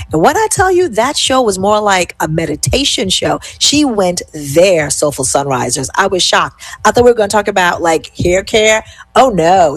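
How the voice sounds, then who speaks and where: A woman's voice: fairly low pitch, breathy edge, dry recording. A middle-aged woman hosting a live show, chatting with enthusiasm and reading out viewer comments before leading a plank exercise. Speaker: host. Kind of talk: live show chat with fitness cueing.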